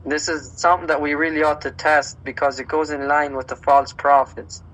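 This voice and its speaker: A man with a fairly high voice preaches a Bible teaching. He speaks earnestly and with emphasis, reads scripture passages aloud, and now and then repeats a word or restarts a phrase. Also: level tone, normal speed, fairly bright tone, rough recording. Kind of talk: sermon-style Bible teaching.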